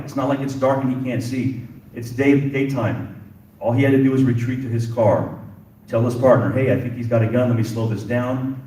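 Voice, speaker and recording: This middle-aged police chief's medium-pitched, warm voice carries a passionate community symposium speech in which he repeats phrases to drive points home. It's recorded indoors at an event hall, echoey and from a distant mic.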